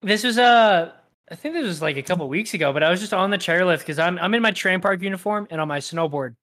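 A young man with a fairly high voice, chatting casually on a podcast. He tells stories in a laid-back, joking way. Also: quick pace, fairly bright tone. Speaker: podcast co-host. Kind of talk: casual chat.

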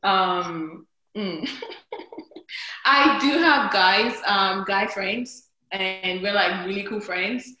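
A woman talking casually in a group discussion, hesitant with many pauses and giggles. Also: mid-range voice, pushed and bright, roomy sound, rough recording.

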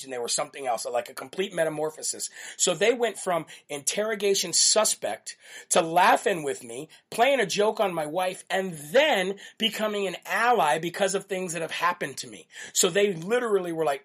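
A male host delivering a live-streamed monologue with fairly high pitch. He tells his story in an animated way and keeps repeating key phrases for emphasis. The delivery is brash and conversational. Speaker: political talk show host.

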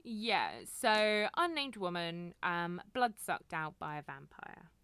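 A woman's voice: lowish voice, lively intonation, slow pace, fairly bright tone, smooth, dry recording. A British woman co-hosting a podcast, chatting casually, giggly and swearing freely. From England. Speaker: podcast co-host. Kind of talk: casual chat.

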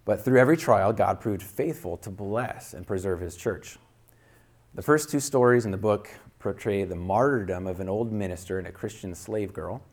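Low-voiced man preaching a sermon. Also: moderate pace. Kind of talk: sermon with read-aloud story.

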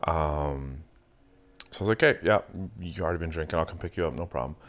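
A man hosting a casual chat, telling a long story in a swearing, animated way. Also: a bass voice, fast. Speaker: podcast host.

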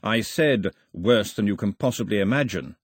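A man's voice: on the low side, animated, normal speed, slightly rough, no echo, clean studio sound. A man playing a grave, commanding chairman. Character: grave authoritative male chairman, older.

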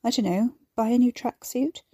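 A woman's voice: a little high, normal speed, warm tone, breathy edge, dry recording, clean studio sound, voice pushed up. A woman voicing a tipsy, emotional young woman who talks in a tearful, tipsy way. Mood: upset.

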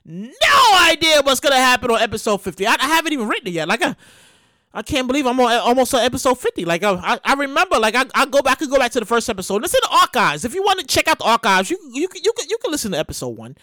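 A man hosting a solo comedy podcast, ranting excitably and loudly, stammering and acting out quotes. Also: very high-pitched, rapid-fire, no echo, clean studio sound. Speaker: podcast host.

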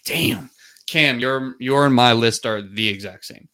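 Man, podcast host, casual sports chat, animated storyteller, bright tone. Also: mid-range voice, measured pace, clean tone. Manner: animated storytelling, swears freely.

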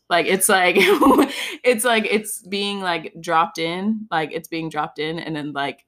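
A woman's voice: lowish voice, expressive, slow pace, a bit bright. A woman co-hosting a podcast, telling a personal story in candid casual chat, peppered with "like". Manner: candid storytelling, heavy use of "like", swearing.

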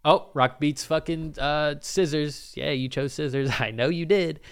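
In a casual solo episode of his podcast, a young host rambles into the mic, swearing freely and laughing a lot. His voice is on the high side, steady, unhurried, clear, and resonant.

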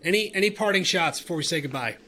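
A man co-hosting a casual sports podcast, excitable and animated, with stammering restarts. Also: high voice, quick pace. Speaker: podcast co-host.

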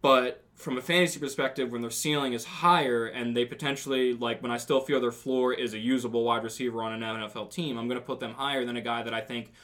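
A man who is not from the South hosts a casual sports podcast, thinking aloud in long, rambling runs full of restarts. His voice is medium-pitched, steady and fairly bright, moving at a quick pace with few pauses.

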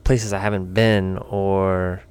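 A man's voice: sits low, level tone, takes it slowly, a little mellow, clean tone. A man co-hosting a podcast, giving brief, laid-back replies in casual chat. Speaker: podcast co-host.

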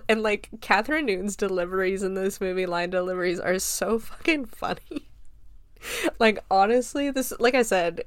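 A woman's voice: medium pitch, no echo, clean studio sound. A woman in her late twenties recapping a film in a casual, chatty way, swearing freely, laughing often and filling her talk with "like.". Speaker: film reviewer.

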